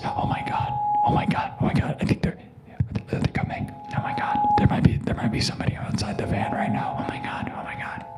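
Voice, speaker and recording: A man's voice: fairly high pitch, vocal fry, full character voice. A man voicing a frightened man hiding in a van at night, as a whispered role-play. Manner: hushed, panicky whisper.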